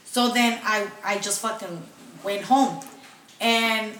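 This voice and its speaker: A woman's voice: mid-range voice, slow, a bit bright. A woman, telling a story on a podcast, swearing constantly and acting out both sides of a phone call. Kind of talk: casual storytelling with profanity. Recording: echoey room, mic at a distance, faint noise.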